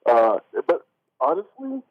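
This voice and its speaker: A man's voice: a little high, wildly swooping pitch, slow pace. A man co-hosting a casual sports radio talk show, rambling with lots of restarts and fillers, heard over a tinny phone line. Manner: rambling, many restarts and "like", laughs often.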